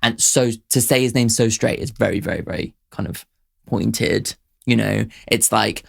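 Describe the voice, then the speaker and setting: A man's voice: lowish voice, normal speed, vocal fry, breathy edge. A young man hosting a casual song reaction, chatty and self-deprecating, often breaking into laughter as he picks apart the music.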